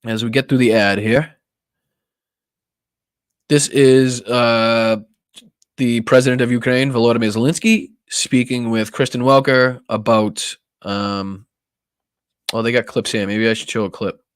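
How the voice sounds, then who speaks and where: A man's voice: mid-range voice, fairly even intonation, unhurried, long pauses, smooth, no echo. A man with a Boston accent hosting a political live stream, ranting with heavy profanity. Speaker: political podcast host.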